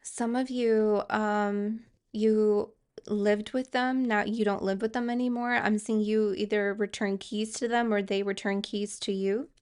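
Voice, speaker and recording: A woman's voice: medium pitch, flat delivery, measured pace, darkish tone, smooth. A woman giving a tarot card reading, speaking hesitantly with fillers and restarts and reassuring viewers directly. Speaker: tarot reader.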